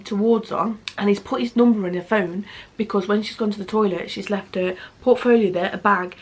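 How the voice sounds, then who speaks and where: A young woman reviewing a book to camera at home, in a blunt, chatty way with constant swearing. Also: mid-range voice. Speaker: book vlogger. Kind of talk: casual book review chat.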